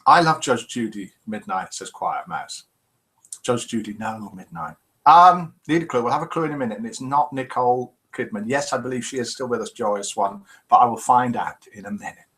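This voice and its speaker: A man's voice: mid-range voice, normal speed, fairly bright tone. A man hosting a live chat show, reading out viewer comments and telling jokes in a chatty, teasing way.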